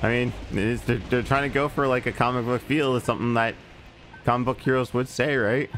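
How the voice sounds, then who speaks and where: A man's voice: steady tone, fairly quick, fairly bright tone, soft background music. A man streaming a video game in casual chat, rambling off into profane asides about movies. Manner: rambling, profane movie digressions with swooping pitch. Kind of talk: casual let's-play chat.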